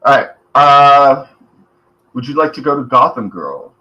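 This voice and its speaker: A man's voice: mid-range voice, lively intonation, unhurried, sharp tone, lo-fi sound. A man hosting a radio show, chatting casually and offhandedly announcing clips. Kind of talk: casual chat.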